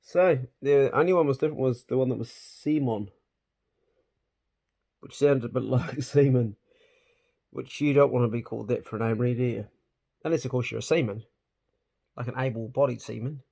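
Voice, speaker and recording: A man's voice: medium pitch, normal speed, gravelly, pauses often, dark tone, no echo. A man hosting a casual, jokey vlog tour of a farmhouse build site outdoors. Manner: chatty, jokey, matey. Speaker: vlog host.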